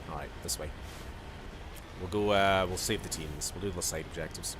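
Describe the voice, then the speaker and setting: A man's voice: sits low, moderate pace, long pauses, background noise. A man with a Scottish accent, streaming a video game with rambling, jokey casual commentary. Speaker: gaming streamer.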